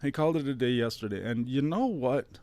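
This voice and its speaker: Hosting his own stream, a thirtysomething man with a Detroit-area accent rambles through a sarcastic, profanity-laced monologue punctuated by mock-emotional asides. His mid-range, darkish voice is brisk with lively intonation.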